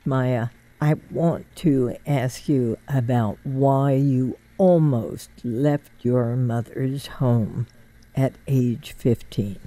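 Slow, mellow-voiced male interviewer. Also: mid-range voice. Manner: brief, measured prompts. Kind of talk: interview questions.

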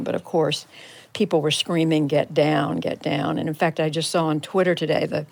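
A woman's voice: low voice, no echo. An older woman journalist giving a radio interview, recounting events reflectively and in detail, often restarting her sentences. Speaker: journalist guest. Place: converted home TV studio.

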